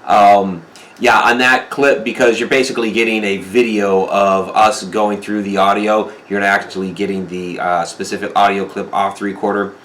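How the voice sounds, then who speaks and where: A man's voice: fairly low pitch, little pitch movement, normal speed, fairly bright tone. A man hosting a paranormal livestream talk show, speaking casually with filler words. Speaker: host.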